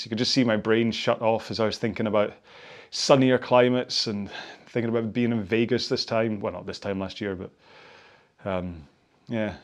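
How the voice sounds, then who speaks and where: A man leading a rowing workout cool-down, chatting in a rambling, self-deprecating way and often apologizing as he gives stretching cues. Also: on the low side. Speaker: indoor rowing instructor. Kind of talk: casual workout cool-down chat.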